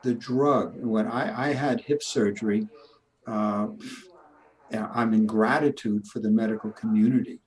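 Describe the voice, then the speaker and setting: A man's voice: fairly low pitch, steady tone, measured pace, poor audio. Emphatic older man, retired chiropractor. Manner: emphatic, preachy, laughs at his own points. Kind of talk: casual interview chat.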